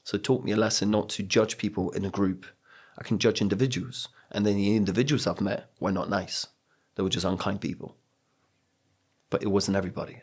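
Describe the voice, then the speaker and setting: A man's voice: sits low, fast, breathy edge. A middle-aged man from Poland, a podcast guest telling his life story and acting out the voices of people in it. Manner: animated storyteller who acts out quoted voices. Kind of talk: storytelling in casual chat.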